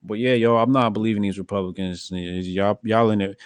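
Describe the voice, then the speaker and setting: A man's voice: fairly low pitch, lively intonation, fairly quick, clean tone, no room sound. Blunt, profane male podcast host. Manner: blunt, profane, laughs often. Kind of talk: casual podcast commentary.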